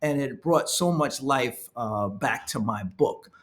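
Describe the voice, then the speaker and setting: A man's voice: mid-range voice, slow. A man, an author, talking casually and enthusiastically to camera, often checking in with "right?" and "you know". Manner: enthusiastic, animated emphasis.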